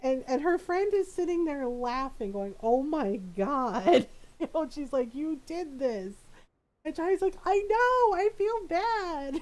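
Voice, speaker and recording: A middle-aged woman streamer telling a family story in casual chat, laughing often and acting out what people said. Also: high-pitched. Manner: animated, laughs often, acts out quoted voices.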